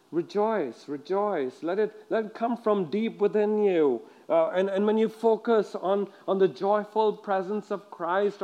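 A man preaching a sermon to a congregation, lively and repetitive, often asking his listeners questions and stumbling over repeated words. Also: high-pitched, muffled recording.

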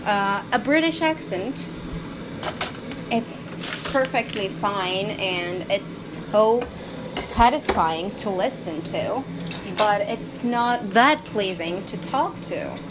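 A woman's voice: mid-range voice, expressive, slow, background noise. A woman vlogging casually to the camera, hesitant and often stopping to search for words and correct herself, in her kitchen.

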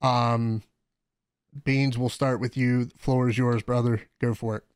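Male podcast host, relaxed and friendly, dry close sound. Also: medium pitch, a little slow, clean tone, no room sound. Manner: easygoing, laughs often. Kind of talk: casual chat.

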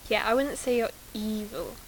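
A woman's voice: a little high, steady tone, normal speed, slight background noise, low-quality recording. A woman chatting as a guest on her sister's podcast, giggly and rambling. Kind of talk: casual chat.

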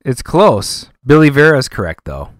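A man co-hosting a podcast in casual chat, animated and rambling, laughing often. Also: medium pitch, moderate pace, dry recording, clean studio sound. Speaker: podcast co-host.

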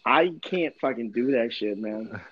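A man in his thirties telling a story in casual chat, swearing a lot and talking with animated energy. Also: mid-range voice, unhurried, no echo, lo-fi sound. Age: 30s.

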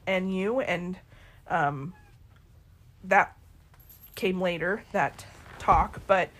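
Husky-voiced woman telling a family story. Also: mid-range voice. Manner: lively storyteller who acts out quoted people. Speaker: podcast co-host. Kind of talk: casual storytelling to her daughter.

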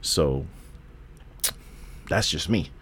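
A Bronx, New York man in his forties hosts a candid solo podcast from home, laid-back and rambling, profane, with lots of restarts. His very deep voice is expressive and a bit bright, drawing out words, with a little hiss or hum in the recording.

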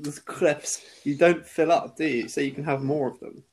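A man co-hosting a casual podcast, dropping dry deadpan quips. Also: a little high, moderate pace. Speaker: podcast co-host. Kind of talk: casual chat.

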